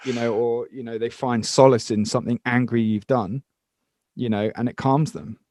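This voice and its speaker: A man's voice: medium pitch, fairly even intonation, normal speed, a little mellow, dry recording, clean studio sound. Laid-back man, swears casually. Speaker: guest musician. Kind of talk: casual chat.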